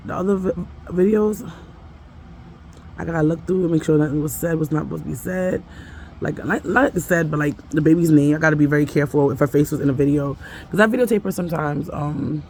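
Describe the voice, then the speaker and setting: Chatty woman vlogger with a gravelly voice. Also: low voice, darkish tone, a little hiss or hum. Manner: rambling, chatty, talks to her toddler between asides. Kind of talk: casual vlog chat. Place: at home.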